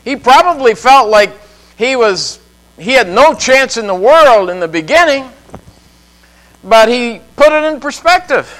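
A man preaching a sermon in a church, emphatic with dramatic pauses and frequent chuckles. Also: very high-pitched, animated, fairly bright tone, low-quality recording. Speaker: pastor.

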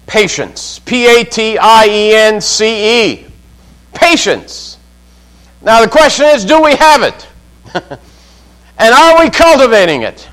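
Slow-preaching man with a high voice. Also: a bit bright, low-quality recording. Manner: slow, measured preaching with questions to the congregation. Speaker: pastor. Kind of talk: sermon.

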